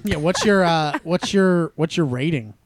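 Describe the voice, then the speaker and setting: A man hosting a movie podcast, talking in halting restarts with a wry tone. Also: fairly high pitch, animated, soft background music. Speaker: podcast host. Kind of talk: casual movie discussion.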